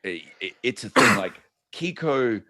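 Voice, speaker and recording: A man's voice: medium pitch, lively intonation, measured pace, sharp tone, dry recording, faint music behind. A man co-hosting a podcast, chatting in an easygoing way with lots of fillers and agreement. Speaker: podcast co-host. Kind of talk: casual chat.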